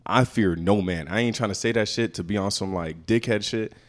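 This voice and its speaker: A man's voice: lowish voice, brisk. A young man from Brooklyn, chatting casually on a podcast and telling stories in a loose, profane way. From Brooklyn, New York.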